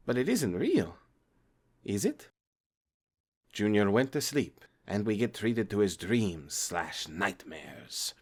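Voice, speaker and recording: A man's voice: lowish voice, fairly bright tone. A man reading a horror story aloud in plain first-person storytelling, stumbling now and then. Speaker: creepypasta narrator.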